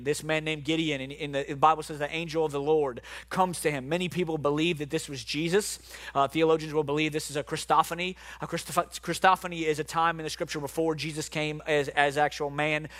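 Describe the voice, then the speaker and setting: A man's voice: on the high side, a bit bright, dry recording. A male pastor preaching a sermon, calling out to his congregation and reading scripture aloud. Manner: preaching with call-outs to the congregation.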